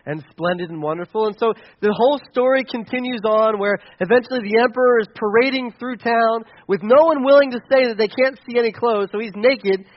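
A man's voice: extremely high pitch, fairly quick, few pauses, dull audio. A male pastor giving a conversational, playful sermon to his congregation.

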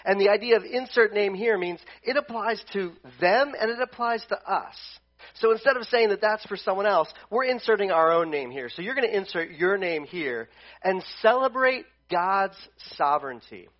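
A male pastor preaching a conversational sermon at a church service, animated and full of restarts. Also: high-pitched, moderate pace, muffled recording.

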